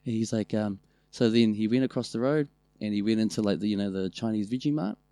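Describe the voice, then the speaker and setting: A man with a New Zealand accent, co-hosting a podcast and telling family stories in a loose, animated way, with a lot of swearing. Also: fairly low pitch, fast talker, no echo. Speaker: podcast co-host. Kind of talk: casual storytelling chat.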